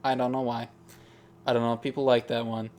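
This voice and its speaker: A man talking casually as he ranks songs. He thinks aloud, hesitates and restarts often, in a voice of middling pitch. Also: level tone, fairly quick, a little mellow. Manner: musing, hesitant, frequent ums and restarts. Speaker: music ranking video host. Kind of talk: casual tier-list commentary.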